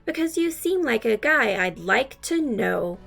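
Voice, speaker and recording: A woman's voice: on the high side, sing-song, unhurried, vocal fry, fairly bright tone, soft background music, full character voice. Woman doing a chatty squawky old crow. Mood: friendly. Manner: chirpy, chatty. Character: squawky mangy old male crow, friendly and teasing.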